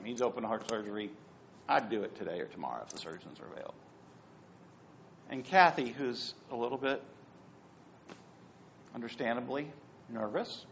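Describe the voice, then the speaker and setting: A man's voice: mid-range voice, slight background noise. A middle-aged man preaching a sermon as pastor, telling stories with asides. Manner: animated storytelling with asides. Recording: dull lo-fi sound.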